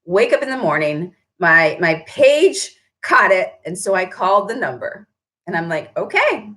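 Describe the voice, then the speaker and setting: A woman's voice: on the low side, big pitch swings, a little slow, a bit bright. A woman who runs a paint shop, chatting on a live stream, answering viewer comments and tagging her points with "right?".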